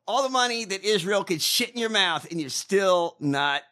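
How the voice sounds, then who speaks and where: A man's voice: high voice, moderate pace. A man co-hosting a podcast, mocking and profane in casual political banter. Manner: profane, mocking, animated ranting. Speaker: podcast co-host.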